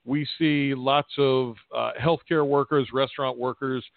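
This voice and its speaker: A man's voice: medium pitch, fairly even intonation, measured pace, vocal fry, no echo. Podcast host guy, long rambly questions, tinny phone sound. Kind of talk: podcast interview.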